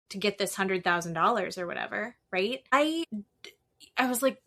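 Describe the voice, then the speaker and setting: A woman's voice: medium pitch, moderate pace, a bit bright. A woman co-hosting a podcast, chatting casually about reality TV and saying "like" often. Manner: chatty, lots of "like", acts out quotes. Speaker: podcast co-host. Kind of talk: casual reality-TV recap chat.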